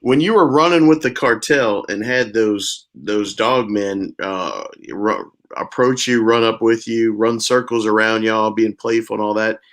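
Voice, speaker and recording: A man hosting a podcast, asking a guest questions in a casual, halting way while checking his notes. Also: lowish voice, fairly bright tone. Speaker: podcast host. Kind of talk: casual interview.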